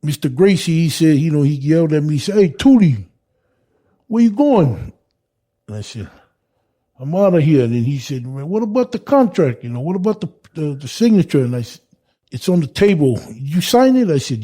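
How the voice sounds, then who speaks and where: A man's voice: a little high, warm tone. A man, a former fighter, telling a story loosely and acting out the dialogue. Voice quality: loose, colloquial, acts out dialogue. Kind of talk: casual storytelling.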